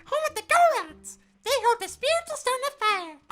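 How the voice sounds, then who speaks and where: A woman voicing a female guardian in a shrill, excited, squeaky childlike monster-puppet voice for a game playthrough. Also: moderate pace, faint music behind, exaggerated voice. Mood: exuberant.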